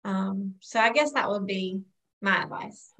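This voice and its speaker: A woman with a Southern US accent, a yoga teacher giving earnest, faith-filled advice as a podcast guest, with frequent pauses. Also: medium pitch, fairly bright tone. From United States. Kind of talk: podcast interview.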